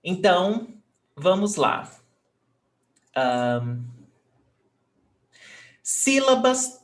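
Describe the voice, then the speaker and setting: Male language tutor, slow and patient, slightly high voice, keeps checking understanding. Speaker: Portuguese teacher. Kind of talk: online language lesson.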